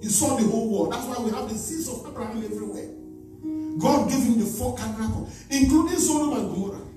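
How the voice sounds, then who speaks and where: Male bishop, fervent sermon and prayer, high voice, music under him in an echoey sanctuary. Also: fast talker. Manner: fervent preaching, at times praying in tongues. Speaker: bishop preaching. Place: church sanctuary. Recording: echoey church hall, mic far off, music.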